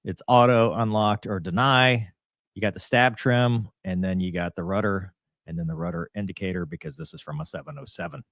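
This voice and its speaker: A man's voice: sits low, a little fast, a bit bright, no room sound. A man co-hosting a casual aviation talk show, reading an incident report aloud and adding his own asides. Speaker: co-host, former fighter and airline pilot.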